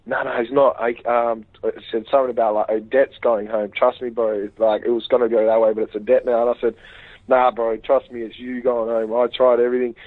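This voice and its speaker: A man on a tinny phone line tells a long story in a rambling, animated way, jumping in with quoted lines. His voice sits at an ordinary middle pitch. The call sounds dry and close. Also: no room sound. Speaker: interview guest. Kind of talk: casual phone interview storytelling.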